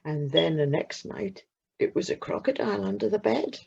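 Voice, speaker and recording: A woman narrating a children's story in a slow, expressive way with dramatic pauses. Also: mid-range voice, gravelly, husky. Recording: muffled lo-fi recording.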